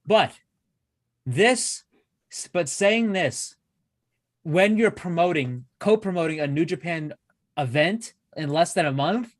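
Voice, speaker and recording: A man co-hosting a wrestling show in casual chat, excitable and swearing freely, often restarting his sentences. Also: fairly high pitch, slow, long pauses, no room sound, studio quality. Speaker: wrestling podcast co-host.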